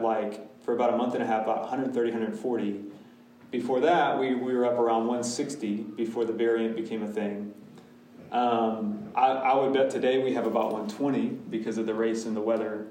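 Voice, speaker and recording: Captured from afar in an echoey room with a little hiss or hum, this man has a medium-pitched, slightly mellow voice. He's a pastor fielding a church class's questions in a candid, casual manner, full of restarts and asides.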